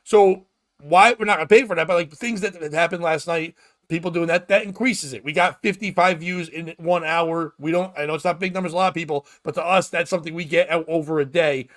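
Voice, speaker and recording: A loud, animated man hosting a comedy chat show. His voice sits high for a man, and he jokes crudely and breaks into sudden shouts. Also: a little fast, no room sound, studio quality. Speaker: podcast host.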